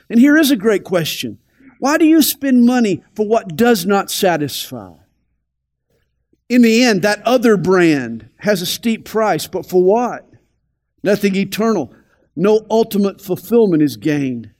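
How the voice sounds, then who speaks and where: On the radio, a pastor with a notably high voice teaches scripture with great animation. He is deliberate and emphatic, slipping now and then into soft, quiet asides.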